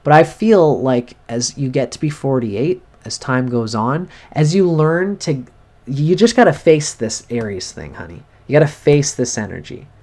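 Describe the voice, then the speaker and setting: A man in a live-streamed cold reading, speaking straight to a viewer and coaching her in an earnest, animated way. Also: mid-range voice, measured pace. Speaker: astrologer giving a reading.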